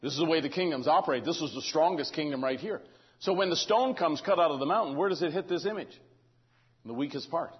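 A man's voice: fairly high pitch, quick pace, breathy edge, lo-fi sound. A man preaching a conversational sermon in a church, often checking in with the congregation and adding joking asides. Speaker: pastor. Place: church sanctuary.

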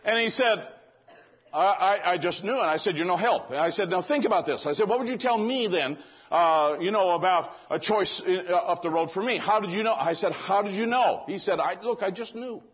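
A male preacher with a high-pitched, slightly husky voice delivers a sermon. He tells stories in a conversational way and acts out the dialogue. The recording sounds dull and lo-fi. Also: brisk. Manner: conversational storytelling with quoted dialogue.

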